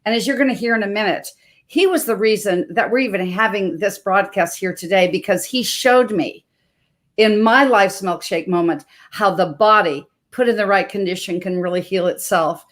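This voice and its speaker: Woman, 60s, from Montana, health coach host, live webcast intro, emphatic, expressive, mid-pitched voice. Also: normal speed. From Montana, USA. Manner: expressive, emphatic storytelling with shifting pace.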